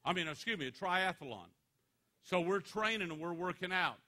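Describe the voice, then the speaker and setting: A man addresses a room of students as a motivational speaker, spinning animated, joking stories. His voice sits a little high and comes across bright and forceful. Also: moderate pace.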